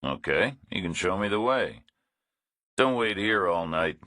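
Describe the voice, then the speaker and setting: A male narrator playing a big, laconic drifter who talks in a calm, dry, matter-of-fact way. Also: low-pitched, a little slow, dry recording, heavily acted.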